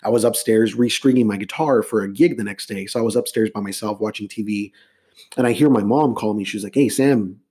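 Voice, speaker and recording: A middle-aged man from Los Angeles, a musician, telling stories in a relaxed, casual interview. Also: fairly low pitch, quick pace. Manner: relaxed storyteller, many fillers and restarts. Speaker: guest musician.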